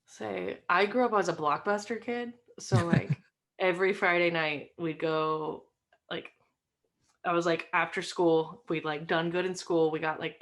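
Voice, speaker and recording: A woman guest in a casual interview, chatty and filling her talk with "like", rising into excited bursts. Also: low voice. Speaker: podcast guest, stream host.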